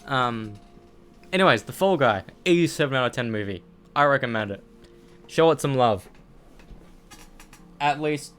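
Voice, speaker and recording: A man's voice: medium pitch, fairly bright tone, clean tone. Rambling sweary Australian man. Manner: rambling, sweary, restarts often. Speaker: streamer. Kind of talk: casual gaming stream chat.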